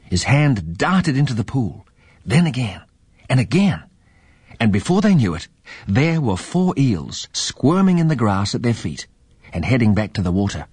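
A man reading a children's story aloud in a lively, expressive way. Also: mid-range voice, normal speed, slightly rough, no echo.

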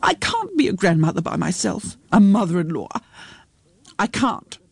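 A woman voicing an anxious middle-aged mother who is about to become a grandmother, speaking in halting, unsettled lines. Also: mid-range voice, very animated, gravelly, darkish tone, breathy edge, dry recording, heavily acted. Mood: distraught.

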